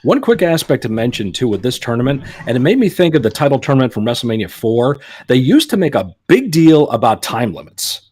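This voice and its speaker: A man co-hosting a casual podcast, chatting with quick asides. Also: mid-range voice, big pitch swings, a little mellow, husky, no room sound. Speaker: podcast co-host.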